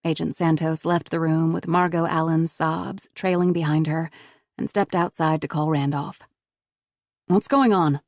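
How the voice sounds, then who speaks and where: A woman narrating a crime novel audiobook in a steady, even storytelling manner. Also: deep voice, moderate pace, dry recording, studio quality. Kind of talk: scripted narration.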